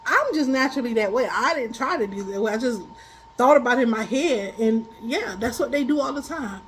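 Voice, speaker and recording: Woman, high voice, tarot reader, casual storyteller, quick to laugh, blunt and colloquial. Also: a little hiss or hum, rough recording. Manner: animated, laughs often while telling stories. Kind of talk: casual spiritual chat.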